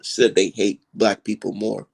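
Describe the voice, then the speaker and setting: A man's voice: fairly low pitch, little pitch movement, unhurried, creaky, darkish tone, slight background noise. Heated, profane man ranting. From United States. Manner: heated, profane, repetitive emphasis. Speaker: streamer host. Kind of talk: casual livestream rant.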